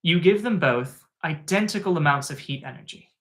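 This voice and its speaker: Male tutor, slightly high, crisp and forceful tone, animated casual storytelling. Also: normal speed. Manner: animated, chatty, lots of fillers. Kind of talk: casual spoken anecdote.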